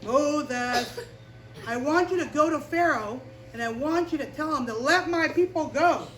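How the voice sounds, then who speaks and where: Woman doing an authoritative male God, slow emphatic commands, voice bright and high, heard from far off in an echoing room. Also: faint music behind. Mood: commanding.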